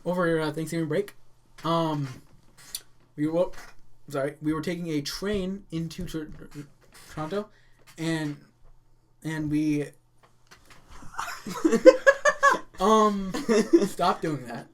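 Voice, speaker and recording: A woman co-hosting a casual podcast chat, telling a story in a halting, apologetic way with giggles. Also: sits low, a bit bright, slight background noise. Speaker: podcast co-host.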